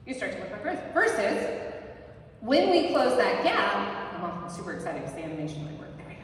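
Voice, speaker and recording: A woman giving a live workshop talk to an audience, energetic and often ending points with a quick "right?". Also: high-pitched. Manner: energetic, ends points with tag questions. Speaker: workshop presenter. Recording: very echoey hall, mic far off, faint noise.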